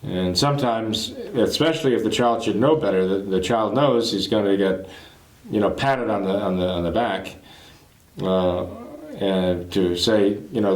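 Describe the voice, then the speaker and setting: A man's voice: lowish voice, measured pace. Man teaching catechism in a roomy space. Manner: conversational, explains with homely hypothetical examples. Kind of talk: catechism lesson with storytelling. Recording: roomy echo.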